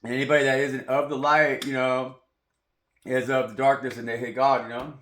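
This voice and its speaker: A man's voice: medium pitch, little pitch movement, moderate pace, fairly bright tone, a little hiss or hum. A man giving a rambling, profane spiritual monologue as a tarot reader, preachy in tone. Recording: roomy echoey sound.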